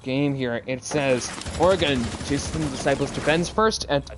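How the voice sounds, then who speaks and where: Gunfire and game sounds run clearly under this man's voice in a noisy setting as he casts an esports match alone. He speaks at a middling pitch into a close mic, trading fast play-by-play for casual, meandering asides to the audience between plays.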